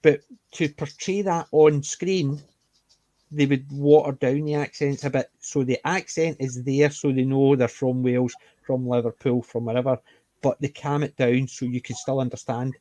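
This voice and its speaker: A Scottish man talking casually and at length, often restarting his sentences. His voice sits at an ordinary pitch. The sound is close and dry, with no room echo. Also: steady tone, normal speed, warm tone. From Scotland. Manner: chatty, explains at length with many restarts. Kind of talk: casual chat.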